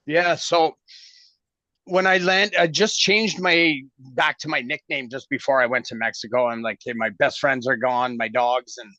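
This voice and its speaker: A man's voice: medium pitch, steady tone, normal speed, pushed and bright, dry recording. A middle-aged man from Canada, a guest telling a long story in a casual interview and acting out the dialogue. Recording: dull lo-fi audio.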